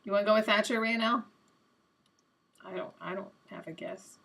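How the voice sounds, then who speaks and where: A young adult woman hosting a live stream, chatting casually and guessing out loud while she plays a quiz game, a little self-mocking. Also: medium pitch, fairly even intonation, normal speed, creaky, breathy edge.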